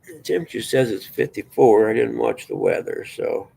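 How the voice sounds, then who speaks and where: Gravelly-voiced folksy man streaming. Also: mid-range voice, normal speed, mellow, low-quality recording. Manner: folksy, chatty, answers viewers by name. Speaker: livestream host. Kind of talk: casual livestream chat, reading news aloud.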